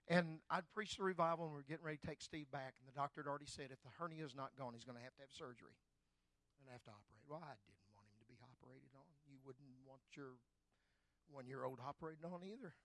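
An older man preaching a sermon, fervent and swelling loud on key phrases. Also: fairly high pitch, dry recording. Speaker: pastor.

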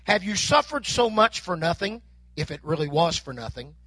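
A man's voice: fairly high pitch, sing-song, moderate pace, pushed and bright, no echo. An older man preaching a sermon, telling folksy stories and acting out bits of dialogue. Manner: folksy storytelling with mock dialogue. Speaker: pastor.

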